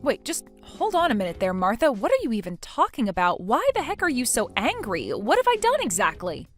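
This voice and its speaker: A woman's voice: on the high side, wildly swooping pitch, a little fast, soft background music. A synthetic female voice playing a pregnant young wife who answers in a hesitant, puzzled way. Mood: confused.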